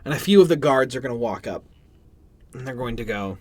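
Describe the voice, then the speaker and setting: A man narrating a tabletop game as game master, relaxed with filler pauses. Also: mid-range voice.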